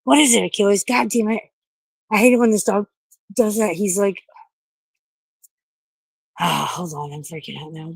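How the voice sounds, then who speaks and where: A woman's voice: medium pitch, moderate pace, creaky, pauses often, a little hiss or hum. Swearing, frightened woman streaming outdoors. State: out of breath. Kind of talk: casual livestream chat. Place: outdoors in a backyard at night.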